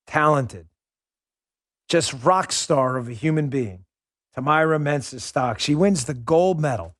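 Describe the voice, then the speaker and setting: A man's voice: medium pitch, no echo, studio quality. A man hosting a political commentary show, talking in a combative, ranting and mocking way. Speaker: host.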